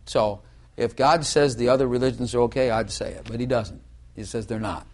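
A man's voice: mid-range voice, fairly even intonation, a little fast, a little mellow. A middle-aged man preaching a sermon in a loose, conversational way, full of restarts and asides.

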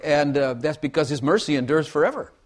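A man's voice: on the high side, fairly quick. A man preaching a sermon in a folksy way, repeating phrases and asking the congregation for amens.

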